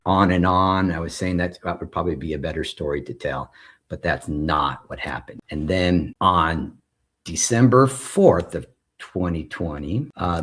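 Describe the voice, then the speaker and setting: A man in his forties, a former school principal, recounting his experience in conversational storytelling and acting out the dialogue he describes. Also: low voice. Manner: recounts events while acting out quoted dialogue.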